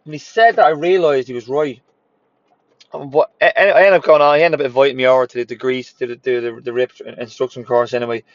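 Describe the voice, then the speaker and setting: A gym owner and former personal trainer tells his story bluntly and motivationally, swearing freely, speaking candidly, and repeating phrases for emphasis. His pitch is mid-range for a man, his tone steady and his pace fast. The recording is somewhat dull and lo-fi, very dry, with no echo or room around it.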